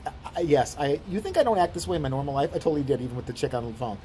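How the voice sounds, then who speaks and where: A woman's voice: deep voice, racing, slight background noise. A woman vlogger telling a story as an indignant, profane rant. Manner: indignant, swearing, animated storytelling.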